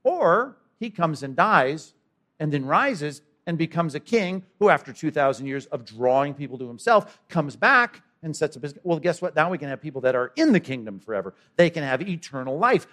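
A male pastor preaching an animated sermon, swinging from loud exclamations to hushed asides and asking the congregation questions. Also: a little high, moderate pace.

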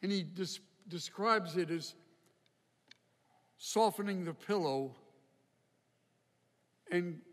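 An older man preaching a sermon in a slow, reflective way, with emphatic rises. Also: high-pitched. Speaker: pastor. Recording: hall reverb.

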